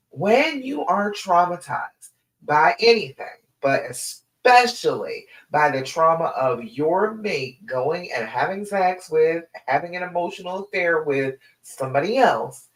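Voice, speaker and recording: Emphatic woman coach in an echoey room. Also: on the low side. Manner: direct and emphatic, calls listeners "honey". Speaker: relationship coach. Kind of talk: live stream coaching talk.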